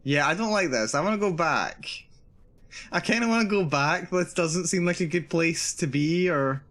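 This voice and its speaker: A man's voice: on the high side, moderate pace, a bit bright. Jittery man narrating a horror game. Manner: jittery, repeats himself, narrates his own nerves. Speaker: VTuber streamer. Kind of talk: live horror gameplay commentary.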